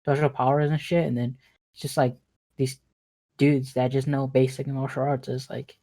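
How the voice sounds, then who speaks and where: A man's voice: mid-range voice, flat delivery, moderate pace, dark tone. A young man co-hosting a gaming podcast in casual chat, drowsy and yawning, trailing off between thoughts. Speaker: podcast co-host.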